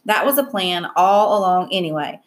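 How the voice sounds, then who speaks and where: A woman's voice: fairly low pitch, lively intonation, moderate pace, close to an everyday voice. A woman reading aloud as an anxious, apologetic mother who fusses over her children. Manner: anxious, fussing.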